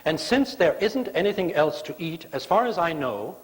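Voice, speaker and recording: A man's voice: on the high side, big pitch swings, normal speed. A man voicing an exasperated male prophet who bites out every word with sarcasm. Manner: clipped, gritted-teeth sarcasm. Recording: long church reverb.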